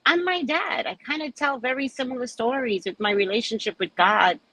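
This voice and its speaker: A woman's voice: fairly high pitch, moderate pace, dry recording, low-quality recording. A woman reading a spiritual book aloud and breaking off into candid, laughing commentary. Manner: animated, laughing, candid asides. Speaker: spiritual reader and speaker.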